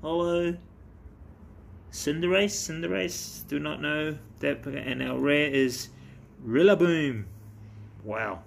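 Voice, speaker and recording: Excited, gravelly-voiced man opening cards. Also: a little high, a little hiss or hum. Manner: excitable, chatty, quick bursts of delight. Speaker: card-opening vlogger. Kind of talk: casual chat.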